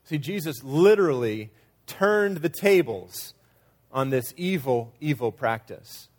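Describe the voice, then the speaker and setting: A man's voice: mid-range voice, lively intonation, slow, a little mellow. A man preaching a sermon in a conversational way, sometimes acting out quoted lines with changing emphasis. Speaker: pastor.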